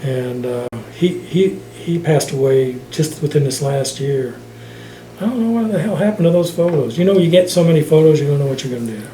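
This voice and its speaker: A man's voice: fairly high pitch, lively intonation, fairly quick, dark tone, slight background noise. An older man, a veteran interviewee, rambling through stories in an oral history interview and laughing often. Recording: echoey room with faint ambience.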